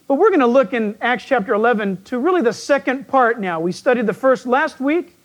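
Croaky-voiced male pastor preaching. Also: very high-pitched, expressive, moderate pace. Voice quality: croaky, frog-like voice. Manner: folksy, jokey, asks the crowd questions. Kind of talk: sermon.

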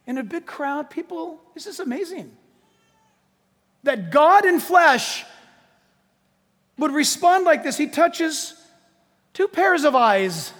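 A man preaching a sermon in a lively, joking way, acting out quotes from the text. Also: very high-pitched, measured pace, long pauses, husky, long reverb tail. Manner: animated, jokey preaching with acted-out quotes. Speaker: pastor.

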